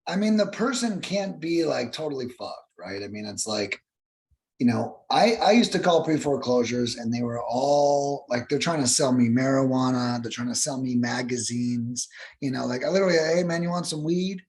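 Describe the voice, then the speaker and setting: A young adult man speaking casually as a podcast guest, animated and profane, acting out callers in high voices. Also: moderate pace. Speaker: guest, cold calling expert.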